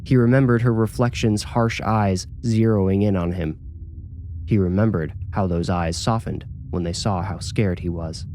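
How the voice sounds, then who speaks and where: Low-voiced male horror narrator. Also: normal speed, dark tone, slight background noise. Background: music.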